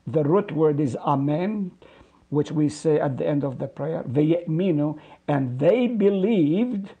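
A man's voice: fairly high pitch, expressive, breathy edge, narrow, tinny audio. A middle-aged man, a pastor, teaching a Bible study in an earnest, preacherly way, repeating phrases for emphasis and drawing out Hebrew words. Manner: explains Hebrew words slowly, drawing them out.

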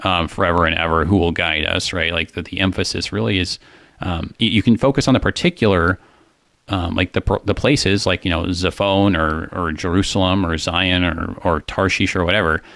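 Casual co-host, male, deep voice, dry close sound, thinks aloud with frequent fillers. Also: steady tone, normal speed, vocal fry, fairly bright tone, no echo. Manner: thoughtful, many fillers and restarts. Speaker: co-host discussing a psalm. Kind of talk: casual theological discussion.

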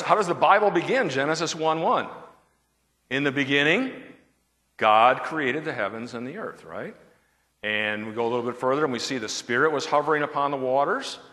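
A man's voice: fairly high pitch, expressive, moderate pace, pauses often, pushed and bright, in a large hall. A man, a pastor, teaching a verse-by-verse bible study and often checking in with his listeners through questions. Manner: asks the audience questions, checks with "okay?".

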